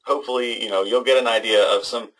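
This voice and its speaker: A man's voice: medium pitch, steady tone, fast talker, fairly bright tone, poor audio. A young man teaching an online class to students, talking casually and hesitantly with many ums and restarts. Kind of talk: casual webinar talk to students.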